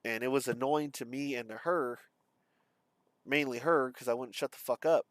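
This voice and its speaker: Young guy venting on his channel, swears a lot, keeps restarting, smooth clear voice, dry close sound. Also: mid-range voice, no room sound. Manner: halting, profane, with many fillers and restarts. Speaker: vlogger. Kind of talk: personal confessional monologue.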